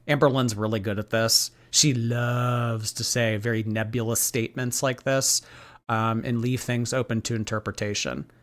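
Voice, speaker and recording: A man hosting a livestream, reading viewer messages aloud and gossiping in a chatty, animated way with lots of fillers. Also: mid-range voice, normal speed. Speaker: livestream commentary host.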